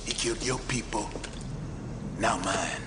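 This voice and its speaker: An actor playing a blunt, tough police lieutenant who speaks in short, demanding lines. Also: male voice, fairly low pitch, unhurried, heavy background noise, close to an everyday voice. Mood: tense. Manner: terse and demanding. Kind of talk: film dialogue. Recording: film soundtrack with loud music.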